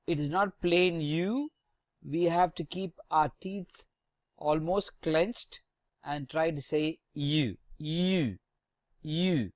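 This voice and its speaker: A French teacher giving a slow, deliberate lesson, spelling out each letter with careful emphasis. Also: medium pitch, no echo.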